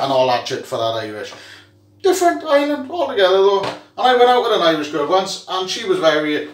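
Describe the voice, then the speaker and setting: A rowdy Welsh man rants as a rugby fan with loud, jokey, sweary energy. His voice sits high and jumps all over the place. He sounds a little way off the mic in an echoey room with a faint hiss. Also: sing-song, fairly quick, recorded from a distance. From Wales. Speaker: vlogger. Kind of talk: excitable rugby fan monologue.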